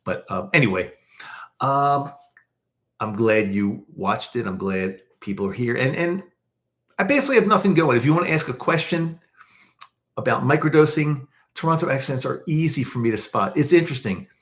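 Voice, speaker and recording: A man's voice: mid-range voice, animated, normal speed. Male podcast host with a Baltimore accent, casual and rambling on a live chat stream. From Baltimore, USA. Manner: rambling, chatty, many restarts and fillers.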